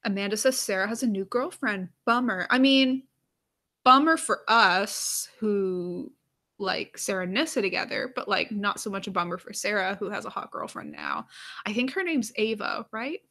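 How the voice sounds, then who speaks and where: A woman hosting a live aftershow, chatting casually and reading viewer comments aloud, with lots of "like" fillers and quiet murmured asides. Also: mid-range voice, big pitch swings, moderate pace, gravelly. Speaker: aftershow host.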